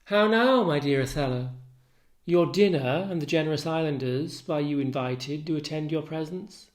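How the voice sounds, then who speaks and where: A man's voice: on the high side, normal speed, lightly acted. A man reading as anxious Desdemona, raised tone. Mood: concerned. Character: Desdemona, gentle anxious young wife.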